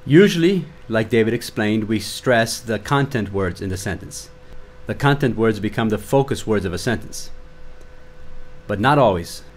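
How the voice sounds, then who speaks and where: A man introducing an English lesson on sentence stress, reading from a script in a clear, measured way. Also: on the low side, lively intonation. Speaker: English teacher.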